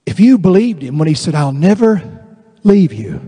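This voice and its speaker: Southern guy preaching, high husky voice, big echoey church hall. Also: very animated, mellow. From American South. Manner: preaching with acted-out voices, dramatic drops and slow emphatic lines. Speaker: pastor. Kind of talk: sermon. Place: church sanctuary. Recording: long reverb in a large church hall.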